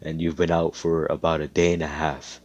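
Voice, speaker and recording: A man's voice: extremely low pitch, level tone, normal speed, a little mellow, highs cut off. A man doing a flustered, slangy nurse. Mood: matter-of-fact. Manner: loose and slangy, with swearing. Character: flustered female hospital nurse. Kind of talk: casual fan story narration.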